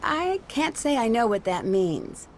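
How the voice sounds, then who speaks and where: Nancy Drew, earnest sleuth. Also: female voice, a little high, big pitch swings, a little slow, slight background noise. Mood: curious. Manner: curious, questioning, earnest. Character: earnest young female amateur detective. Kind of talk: video game voice acting.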